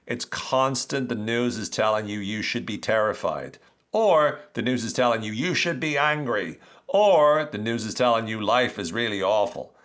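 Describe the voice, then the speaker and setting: A man hosting an educational podcast, explaining ideas in a conversational, animated way with rhetorical questions. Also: mid-range voice, normal speed. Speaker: podcast host.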